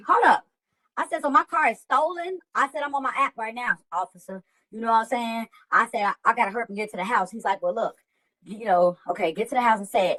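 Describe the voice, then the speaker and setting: A woman's voice: medium pitch, a bit bright, rough recording. A woman who hosts a livestream, telling a story in casual, profane, slang-heavy chat. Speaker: livestream host.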